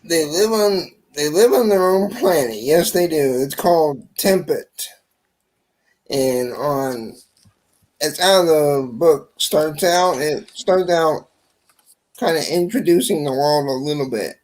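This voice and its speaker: A man who writes comic books explains his story's world on a casual podcast. He talks slowly, in a relaxed and measured way, laying out his plans step by step. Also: fairly high pitch.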